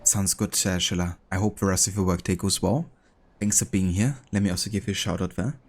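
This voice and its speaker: A man with a German accent talks through his game in a very low, deep voice. His manner is relaxed and chatty as he chats easily with his viewers. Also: fairly quick, slight background noise. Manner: relaxed and chatty, with easy laughs. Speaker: streamer. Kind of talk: casual gameplay chat with viewers.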